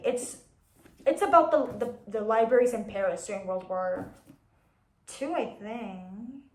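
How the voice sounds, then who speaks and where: A young woman chatting casually about her unread books, rambling with restarts and quick apologies. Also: fairly high pitch, roomy sound. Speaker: book vlogger.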